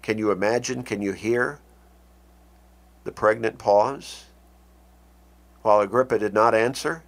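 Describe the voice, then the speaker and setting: A man preaching a sermon, speaking deliberately with dramatic pauses. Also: lowish voice.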